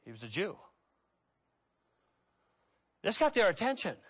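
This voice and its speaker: A man preaching a sermon, acting out voices and swinging between loud dramatic lines and hushed asides. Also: sits high, huge pitch swings, a little slow, husky.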